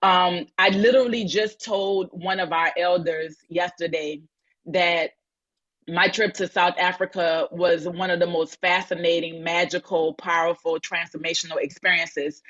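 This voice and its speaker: A woman's voice: on the low side, steady tone, measured pace, fairly bright tone. A woman from New Orleans speaking in a live audio-chat room, telling stories effusively, with many restarts. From New Orleans, USA. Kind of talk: casual chat. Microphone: phone in an audio-chat app. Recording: lo-fi online audio-room sound.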